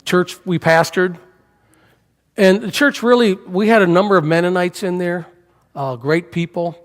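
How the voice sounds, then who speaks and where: A man's voice: sits high, unhurried. An older man preaching a storytelling sermon, speaking conversationally and asking the congregation questions, recorded in a church sanctuary. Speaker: guest preacher. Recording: reverberant church hall.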